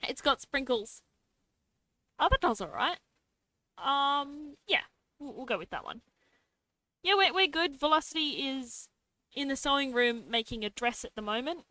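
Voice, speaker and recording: A woman's voice: sits high, expressive, unhurried, pauses often, sharp tone, dry recording. A young woman streaming casually, talking to herself as she draws and adding playful little sound effects. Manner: talks to herself while drawing, adds playful sound effects. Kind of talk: casual live-stream chatter while drawing.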